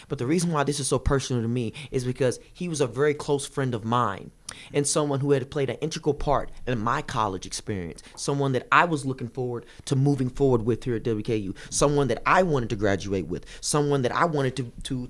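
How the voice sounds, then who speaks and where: Impassioned young man in a student debate. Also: medium pitch. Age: young adult. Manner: impassioned, repeats phrases for emphasis; rapid, rushing delivery. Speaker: student government candidate. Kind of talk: debate answer.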